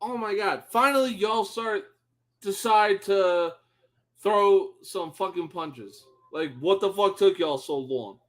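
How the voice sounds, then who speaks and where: A man commentating a fight on a live stream, swearing and yelling at the fighters in exasperation. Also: high-pitched, slow pace.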